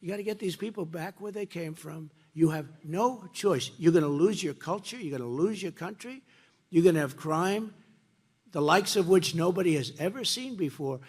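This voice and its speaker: A man addresses a rally from a podium microphone in a slightly high, gravelly voice. He repeats his phrases for emphasis and swings between loud, punchy lines and low, muttered asides. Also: animated, normal speed. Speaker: political speaker at a rally. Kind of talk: rally speech. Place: campaign rally before a crowd.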